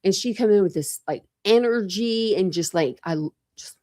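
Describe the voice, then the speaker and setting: A woman's voice: mid-range voice, normal speed, mellow, no room sound, clean studio sound. A woman in her forties at home, chatting casually on a live stream in a rambling way, full of "like" fillers. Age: 40s. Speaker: true crime YouTuber on a live stream. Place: at home, room with couch and cat.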